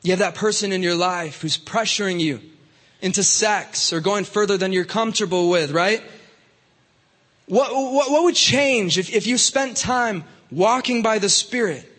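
A man's voice: high-pitched, measured pace, a bit bright, long reverb tail. A man preaching to young people in a casual, conversational way, with many fillers and restarts. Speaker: youth pastor. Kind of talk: youth sermon.

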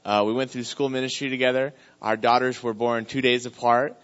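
Relaxed man introducing a speaker. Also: mid-range voice, fairly quick, highs cut off. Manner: joking, relaxed. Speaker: pastor introducing a guest. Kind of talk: casual introduction.

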